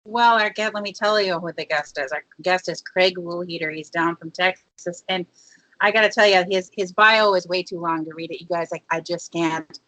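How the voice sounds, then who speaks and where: A woman's voice: fairly low pitch, moderate pace, a bit bright, poor audio. A woman with an Upper Midwest accent hosting a casual radio talk show, chatty and upbeat, with plenty of filler words. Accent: Upper Midwest American. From Fargo, North Dakota area.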